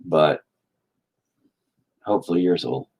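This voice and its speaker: A man's voice: very deep voice, slow, a little mellow, breathy edge. A man telling a rambling, profane story in a casual chat with his viewers. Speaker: streamer.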